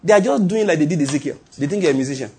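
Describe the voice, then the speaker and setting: A man's voice: on the high side, expressive, rapid-fire, a little mellow, slightly rough. A middle-aged man preaching a sermon as a pastor, emphatic and repetitive, breaking into chuckles.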